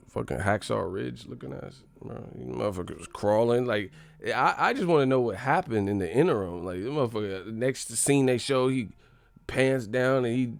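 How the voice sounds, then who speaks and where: A Californian man riffing on a live stream, gravelly and rough-edged, middle-pitched. He is loud, profane and jokey, laughing as he talks, and the sound is close and dry. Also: dry recording. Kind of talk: casual live-stream chat.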